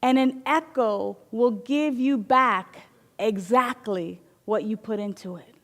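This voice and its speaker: A woman voicing a gentle, patient parent calmly explaining to a child. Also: on the high side, slow pace, long reverb tail. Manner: soft, calm, explaining.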